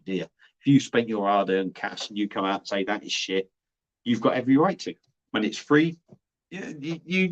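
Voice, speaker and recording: A man chatting blunt and casual on a livestream, swearing freely as he reads out viewer comments. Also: on the low side. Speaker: beer reviewer and livestream host. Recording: dull lo-fi livestream audio.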